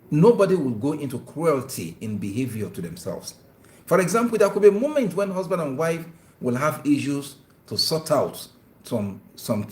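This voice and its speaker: A man's voice: medium pitch, darkish tone. A man hosting an Islamic talk show, giving earnest, preachy marriage advice and often stammering on repeated words. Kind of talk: religious advice talk with phone-in. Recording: echoey room.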